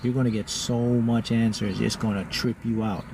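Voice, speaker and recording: A man at an everyday middle pitch talks to his audience like a motivational teacher. He repeats his key lines and suddenly pushes his voice up into loud, high bursts before settling back. A faint hum of traffic sits far behind him. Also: level tone, moderate pace, gravelly. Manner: emphatic and repetitive, often jumping to loud, high bursts. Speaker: manifesting teacher. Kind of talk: motivational talk to a live audience.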